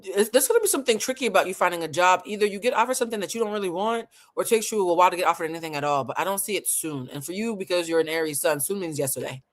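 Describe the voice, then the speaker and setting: A woman giving a live-stream tarot reading, animated, blunt and playful, talking to viewers in casual slang and laughing often. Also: fairly low pitch, rapid-fire, few pauses. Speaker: tarot reader.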